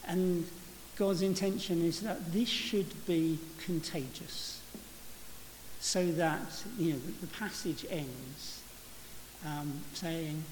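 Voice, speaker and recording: Slow and fairly high-pitched, a man preaches in a church in a reflective way, frequently restarting and saying "you know." The audio has church-hall reverb with faint hiss.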